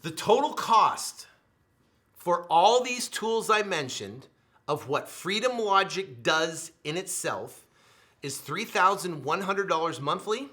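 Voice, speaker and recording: A man in a driven sales pitch, hammering the same phrases again and again. His voice sits high and sounds bright and forceful. Now and then he drops into a low, quiet aside. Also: expressive, takes it slowly. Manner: repetitive, emphatic, with sudden drops to a low mutter. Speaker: host pitching his software.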